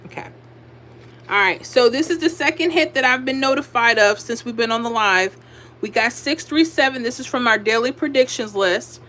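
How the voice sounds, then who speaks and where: A woman's voice: fairly high pitch, normal speed, sharp tone. A tired woman hosting a casual livestream, chatting and reading out viewer comments. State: tired from little sleep. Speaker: livestream host giving lottery predictions.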